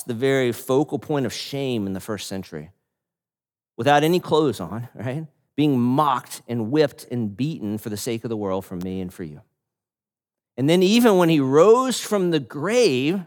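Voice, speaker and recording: A man preaching a sermon as a pastor, telling stories in an animated way with laughs and frequent restarts. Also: medium pitch. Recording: long hall reverb.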